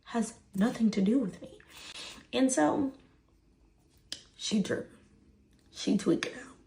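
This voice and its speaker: A woman's voice: fairly high pitch, slow pace, gravelly, dark tone. A woman telling a personal story to the camera, stressing points by repeating words. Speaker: storyteller in a shared clip.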